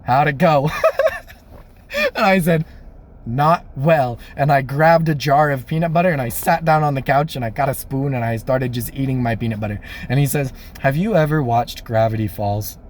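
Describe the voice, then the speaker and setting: A young man casually telling a personal story, animated and laughing, acting out the voices of people he quotes. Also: mid-range voice, normal speed, a little hiss or hum. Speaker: storyteller vlogger.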